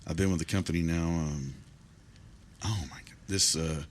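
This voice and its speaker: A man, hosting an interview and telling stories in a lively way, quoting people with animation. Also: deep voice, normal speed, slight background noise. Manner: lively storyteller, animated when quoting others. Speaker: interview host. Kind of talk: casual interview chat, telling a story.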